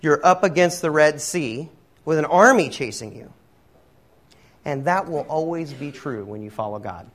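A man's voice: a little high, animated, normal speed, fairly bright tone. A man preaching a casual, conversational sermon, rambling with many fillers and self-deprecating humor. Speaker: pastor.

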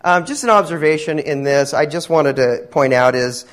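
A man's voice: fairly high pitch, moderate pace, a bit bright. A man preaching a casual, conversational sermon, rambling with many fillers and self-deprecating humor. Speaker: pastor.

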